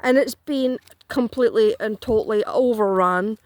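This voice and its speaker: A woman's voice: a little high, moderate pace, a little mellow. A Scottish woman ranting bluntly and profanely in a casual chat, dry and close to the mic. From Scotland. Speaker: political commentator.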